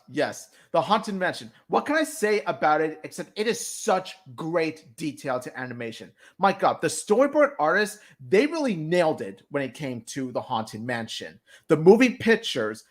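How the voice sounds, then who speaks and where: Excitable man reviewing cartoons. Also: on the high side. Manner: excitable, heavy with fillers and restarts. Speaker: fan show co-host. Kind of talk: casual episode review chat.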